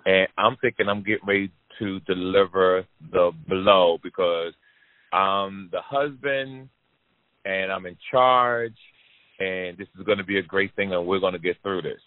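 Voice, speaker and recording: A man hosting a podcast, telling a long personal story to his audience in a lively, profane way, repeating lines for emphasis. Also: low-pitched, a little slow, no room sound. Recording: dry, phone-like narrow sound.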